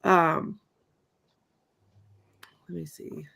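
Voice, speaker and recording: Film-review co-host, a woman with a clear bright voice, dry and rambling, reads off her notes. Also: on the low side, very slow. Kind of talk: casual chat.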